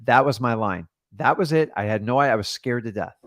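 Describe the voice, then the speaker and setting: A man coaching a caller in a casual, blunt way, acting out phone calls with quick changes of voice. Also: mid-range voice, expressive, dry recording. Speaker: real estate investor coaching a caller.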